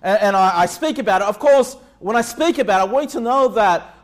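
Pastor, male, high voice, sermon delivery that jumps from calm to shouting. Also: fast talker. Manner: swings from calm teaching to loud shouted emphasis; repeats "all right?" and "okay?" to the congregation.

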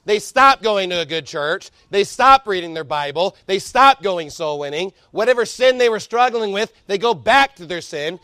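A man preaching a sermon with fervor, reading scripture quickly and building up to shouting. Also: high voice, lively intonation, clear, resonant tone, dry recording, clean studio sound. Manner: fervent preaching, rising to shouts; reads scripture aloud quickly. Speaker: pastor.

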